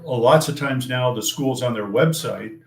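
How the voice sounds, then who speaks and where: Older guy broadcaster, measured talk, echoey room. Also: mid-range voice, creaky. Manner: measured, thoughtful, restarts phrases. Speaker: play-by-play broadcaster. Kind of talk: casual interview answers. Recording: roomy echo.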